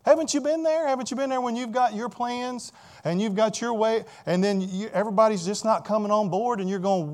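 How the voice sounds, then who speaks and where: A man's voice: very high-pitched, brisk. A man preaching a sermon as a pastor, often asking his listeners rhetorical questions.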